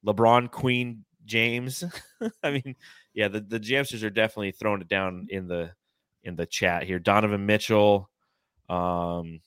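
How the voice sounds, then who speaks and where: A man's voice: fairly low pitch, fairly even intonation, unhurried, fairly bright tone, smooth, no room sound, clean studio sound. A man hosting a casual sports podcast, joking and blunt with some swearing, reading viewer comments from a live chat. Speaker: podcast host.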